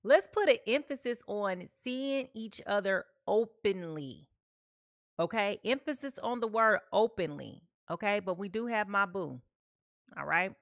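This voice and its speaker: A tarot reader with a mid-range, fairly bright voice and lively intonation gives a live reading at normal speed, recorded cleanly in a studio with no room sound. She's chatty, often checks in with "okay?", and talks to her viewers in chat.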